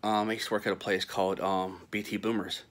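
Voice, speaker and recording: A man's voice: lowish voice, flat delivery, fast talker, a bit bright. A middle-aged man telling a story in a casual, rambling way, full of swearing and frequent laughter. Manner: profane, rambling, laughs often.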